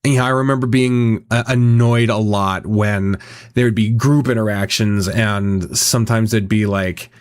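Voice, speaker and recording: A man's voice: lowish voice, fairly even intonation, measured pace, clean tone. A man chatting casually on a live stream, rambling, swearing often and reacting to chat as a visual novel voice actor.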